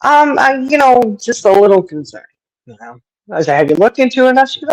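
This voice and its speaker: A woman's voice: sing-song, fairly quick, rough recording. Chatty woman telling a gossip story. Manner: chatty storyteller, laughs often, Southern-style sayings; mimics others with raised pitch. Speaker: podcast co-host. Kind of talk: casual chat.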